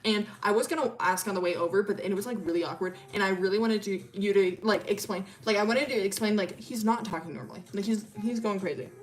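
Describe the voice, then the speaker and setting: A woman's voice: mid-range voice, quick pace, hardly any pauses. A woman streamer casually telling a rambling, swear-filled story about her characters.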